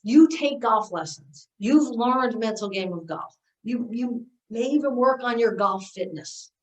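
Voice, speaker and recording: A woman golf mental game coach giving an energetic motivational seminar talk, leading her audience through exercises. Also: a little high, a little slow. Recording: echoey room, voice from far off.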